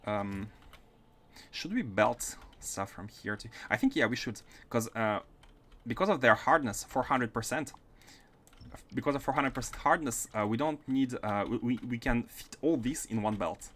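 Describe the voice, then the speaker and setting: A game streamer from France, whose accent mixes French and Russian, gives live gameplay commentary, thinking aloud as he plans builds and answers chat. His voice is medium-pitched and fairly bright, with lively intonation at normal speed.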